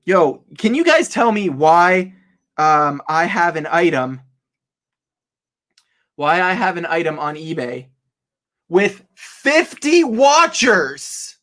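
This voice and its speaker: An excitable young man chats on a casual live stream with a voice pitched a little higher than most men's. He laughs often and talks straight to his viewers, thinking out loud as he works. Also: slow pace, pauses often. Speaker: online reseller hosting a live stream. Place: home office.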